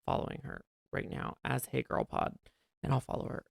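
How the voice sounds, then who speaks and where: A man's voice: brisk, no echo, clean studio sound. An American man from West Virginia hosting a podcast in casual chat, gushing and theatrical. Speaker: podcast host.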